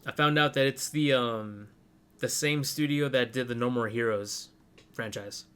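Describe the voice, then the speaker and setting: Laid back dude on a gaming podcast, mid voice, rambles with lots of um and like. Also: male voice, mid-range voice, unhurried, smooth. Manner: relaxed, rambling with fillers and swearing. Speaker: podcast co-host. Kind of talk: casual gaming chat.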